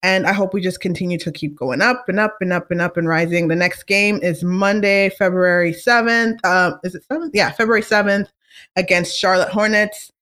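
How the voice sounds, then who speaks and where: A woman hosting a casual talk show, chatting in an animated, opinionated way with many fillers and asides. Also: fairly low pitch, moderate pace. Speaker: podcast host. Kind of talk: casual chat.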